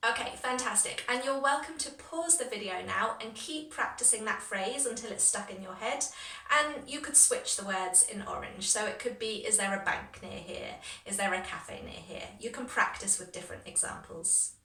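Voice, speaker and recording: A woman leads an English lesson in a bright, slightly high voice, modeling each phrase with clear, exaggerated rises in pitch for learners to repeat. She keeps up a stream of encouragement between the examples. The recording sounds echoey, with her voice set back from the microphone. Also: normal speed. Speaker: English teacher. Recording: echoey room from a distance.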